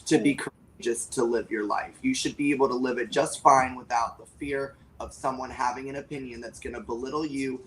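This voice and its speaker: A man's voice: mid-range voice, steady tone, fairly quick, hardly any pauses, fairly bright tone, low-quality recording. A man speaking in a casual panel chat, impassioned and blunt, rallying for change.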